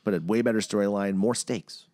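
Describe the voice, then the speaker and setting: A man's voice: on the low side, brisk, dry recording. A man co-hosting a podcast in casual movie-review chat, swearing freely and sometimes slipping into mocking impressions. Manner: animated, slips into mocking impressions. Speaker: podcast co-host.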